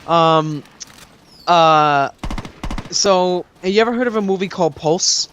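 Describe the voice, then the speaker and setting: A young man with a fairly high voice talks excitedly and rambles, packing his sentences with fillers. It is a casual gameplay chat, with faint noise underneath. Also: slow pace, highs cut off. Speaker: co-host of a gameplay video.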